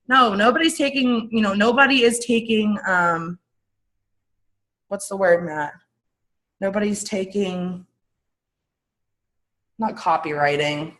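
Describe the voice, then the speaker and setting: A young woman giving an energetic, rambling coaching talk to her team on a video call. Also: medium pitch, slow pace, long pauses, rough recording. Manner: energetic, animated, rambling with restarts. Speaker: network marketing team leader.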